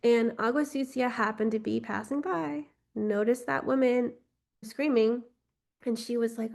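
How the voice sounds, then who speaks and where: Woman telling a slow folk tale. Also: fairly high pitch, steady tone, gravelly. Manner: unscripted retelling with fillers like "right?" and "like". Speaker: storyteller and workshop guide. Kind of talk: spoken storytelling for a guided healing journey.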